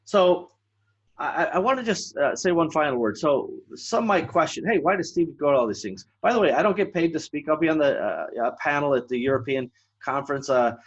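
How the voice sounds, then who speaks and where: This podcast host has a fairly high voice with lively intonation, speaking briskly on a recording with the highs cut off. Alone on the mic, he chats casually and rambles with many fillers and restarts.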